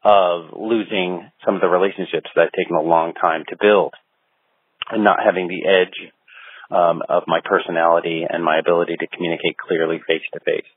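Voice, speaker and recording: A man's voice: sits low, flat delivery, a little fast, slightly rough. A man speaking candidly and anxiously in a testimonial. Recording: phone-like line.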